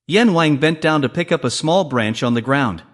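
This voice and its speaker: A man's voice: on the high side, lively intonation, normal speed, a bit bright. A man narrating a comic story recap, reading all the characters' lines in his own voice.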